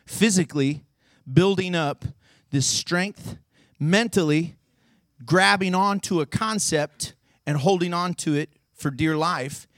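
Man, high voice, dry close sound, playful, goading, youth sermon. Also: no room sound. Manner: playful, goading, shouts coaching cues. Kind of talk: youth sermon with audience games.

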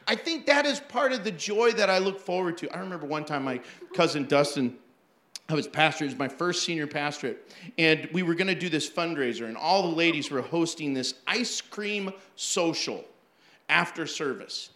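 Male pastor, storytelling sermon, high bright voice, animated, acts out quotes, laughing, echoey church room. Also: moderate pace.

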